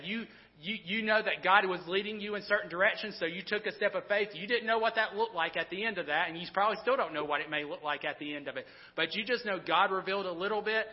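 A man in his thirties preaches in a casual, animated storytelling way, tripping over his words and restarting often. His voice sits fairly high. The sound is dull and rings with a long hall reverb, as in a church. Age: 30s. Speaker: pastor. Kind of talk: sermon.

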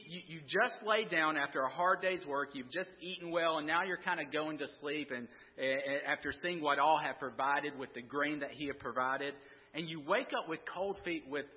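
A man's voice: a little high, moderate pace, lo-fi sound. A man preaching a conversational sermon, asking the congregation questions and often restarting his sentences. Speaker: pastor.

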